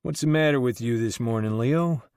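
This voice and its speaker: A man voicing an effusive, ecstatic, erudite man in an audiobook, gushing in a raised, drawn-out voice. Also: a little mellow, clear, resonant tone, dry recording, clean studio sound, lightly acted. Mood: teasing. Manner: gushing, drawn-out, high-pitched.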